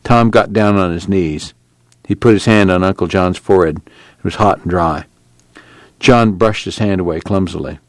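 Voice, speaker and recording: A man narrating a novel aloud, with a slow folksy drawl in the dialogue. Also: sits low, dry recording. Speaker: audiobook narrator. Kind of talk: scripted narration with acted dialogue.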